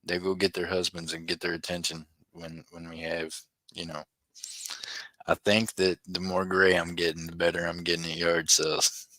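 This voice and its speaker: A man's voice: low voice, little pitch movement, normal speed, pushed and bright, no room sound, poor audio. A middle-aged man, hosting a live-stream auction in a chatty way, reading viewer comments aloud and chuckling often. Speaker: livestream auction host. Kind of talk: casual live-stream chat.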